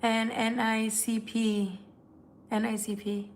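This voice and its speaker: A woman's voice: on the high side, level tone, slow. A woman hosting a casual live stream as a tarot reader. She chats loosely with viewers, swears freely, and reads their comments aloud. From United States.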